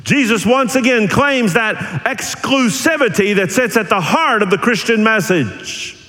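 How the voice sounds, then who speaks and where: A man pastor preaching an expository sermon, emphatic, with dramatic pauses. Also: sits high, expressive, bright, forceful tone, big-room sound, poor audio.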